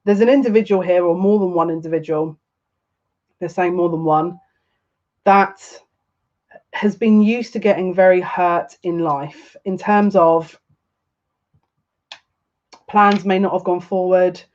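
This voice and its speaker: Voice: medium pitch, unhurried, long pauses, a little mellow, lo-fi sound. A psychic tarot reader giving a live reading, chatty and rambling, who laughs often and repeats phrases.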